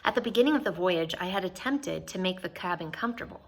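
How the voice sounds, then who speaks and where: A woman teacher reading a novel aloud, expressive, pausing to explain the story to her listeners. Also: fairly low pitch.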